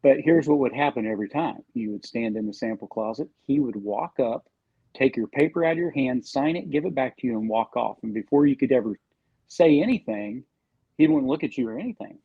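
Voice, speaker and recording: A man's voice: medium pitch, animated, a little fast, creaky, husky, no room sound, phone-quality sound. A man on a podcast casually telling a sales story and acting out the quoted lines.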